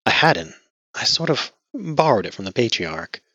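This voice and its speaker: A man's voice: medium pitch, sing-song, moderate pace, pushed and bright, slightly rough, dry recording, voice pushed up, heavily acted. A man doing a timid, sheltered young woman. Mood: earnest. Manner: earnest, startled questioning. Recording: dull lo-fi audio.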